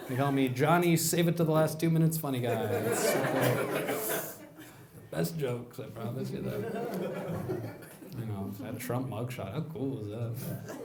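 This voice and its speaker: Brief: male stand-up comic, loose self-mocking delivery, echoey club, laughing crowd. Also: on the high side. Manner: rambling, self-mocking, profane. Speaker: stand-up comedian. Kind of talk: stand-up comedy set. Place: comedy club stage. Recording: roomy club with audience laughter. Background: live audience laughing.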